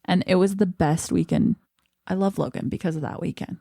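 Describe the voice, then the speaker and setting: A young woman hosting a podcast, chatting casually and reminiscing with quick asides. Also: on the low side, steady tone, vocal fry, dark tone, dry recording, studio quality. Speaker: podcast host. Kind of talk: casual chat.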